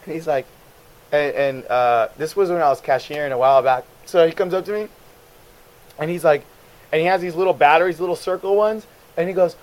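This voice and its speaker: A man ranting profanely in casual chat, swearing constantly and mocking customers in a high voice. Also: a little fast.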